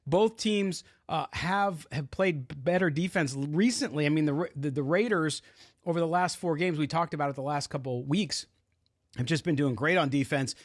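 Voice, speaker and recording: A man's voice: a little high, normal speed, no room sound. A man hosting a live postgame sports show from his home studio, talking conversationally and leading the segment. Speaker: host.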